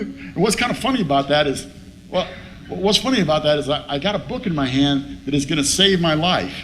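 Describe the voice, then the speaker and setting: Guy at a recovery meeting telling a funny story, lots of cussing, kinda higher voice. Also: animated, quick pace, fairly bright tone. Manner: salty, swearing storyteller who acts out his past self. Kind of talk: humorous personal story at a meeting. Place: meeting room.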